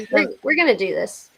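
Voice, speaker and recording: A woman's voice: sits high, vocal fry, a bit bright, breathy edge, dry recording, rough recording. A woman hosting a casual livestream chat, emotional and prayerful, blessing her viewers, with a cough. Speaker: livestream host.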